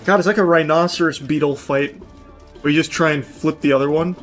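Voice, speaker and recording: A man giving let's-play commentary, yelling and swearing at the game, with dry low asides between outbursts. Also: fairly even intonation, a little fast, faint music behind. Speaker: gaming video host.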